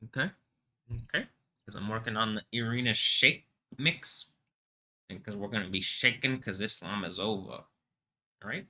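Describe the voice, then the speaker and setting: A man's voice: lowish voice, moderate pace, long pauses, sharp tone. A man hosting his own livestream, rambling casually and laughing at his own jokes. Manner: rambling, self-amused, frequent giggling asides. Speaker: livestream host.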